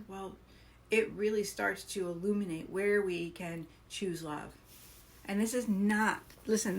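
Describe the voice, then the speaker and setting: Hosting a live coaching stream, a woman with a mid-range voice speaks earnestly and encouragingly, putting questions to her viewers.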